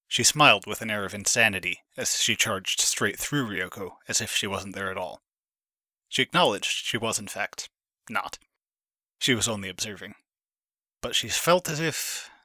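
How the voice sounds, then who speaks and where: A man reading a story aloud as narration, steady and measured, picking up speed at tense moments. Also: fairly low pitch, no room sound, studio quality. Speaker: fan fiction reader. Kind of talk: scripted narration.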